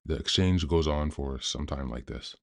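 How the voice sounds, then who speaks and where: Brief: male podcast host, extremely low bass voice, calm measured book reading. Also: creaky.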